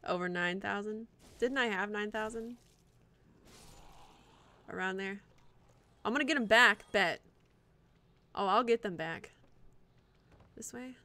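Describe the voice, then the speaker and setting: Bright-voiced woman cursing through gameplay. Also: mid-range voice, slow pace, pauses often. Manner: profane, reactive, talks to the game and chat. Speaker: game streamer. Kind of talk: live gameplay commentary.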